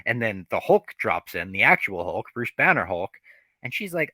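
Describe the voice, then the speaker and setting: A man's voice: on the low side, sing-song, normal speed, bright, forceful tone, no echo. A man co-hosting a podcast, animatedly retelling a TV episode with casual profanity. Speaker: podcast co-host.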